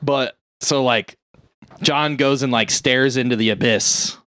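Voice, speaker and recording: A man's voice: a little slow, no room sound. Young man swearing through a movie recap. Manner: profane, animated retelling with high-pitched quoted voices. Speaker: podcast co-host retelling a film. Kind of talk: casual chat.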